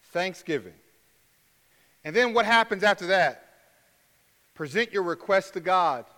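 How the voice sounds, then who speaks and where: A man's voice: sits high, bright, forceful tone, in a large hall. A man preaching a sermon as a pastor, often stammering and restarting, acting out heartfelt prayers.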